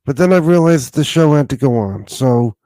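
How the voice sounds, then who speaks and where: A man hosting a podcast interview, talking in a halting way with many pauses and restarts. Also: medium pitch, expressive, mellow, no echo. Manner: halting, many fillers and restarts while asking. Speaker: podcast host.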